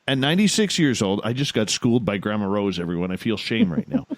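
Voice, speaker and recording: A man's voice: on the low side, big pitch swings, fast. A man with a Canadian accent hosting a radio show, enthusiastic and playful with callers. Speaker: radio host. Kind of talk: casual radio talk.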